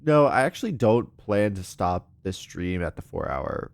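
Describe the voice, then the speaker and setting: A man with a fairly low voice chats casually on a live stream while playing a puzzle game. He rambles, fills pauses with ums and laughs often. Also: big pitch swings, no echo.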